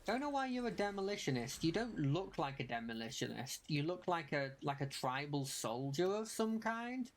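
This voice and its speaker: Narrating gameplay live, this young adult streamer talks to themselves in a mid-pitched, sing-song voice and fires off one spell call over and over. Nearly all their sentences end on an upward, question-like tilt.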